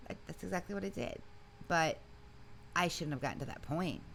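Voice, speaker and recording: A woman guest in a casual interview, telling her story in an animated, emphatic way with frequent restarts. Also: sits low, fairly quick, gravelly, a little hiss or hum. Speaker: interview guest, singer and video creator.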